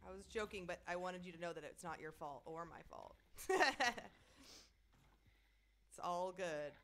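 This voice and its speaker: A woman's voice: on the low side, steady tone, a little slow. A young woman streaming a horror game, chatting with viewers and breaking into screams and nervous laughter. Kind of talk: casual gameplay commentary.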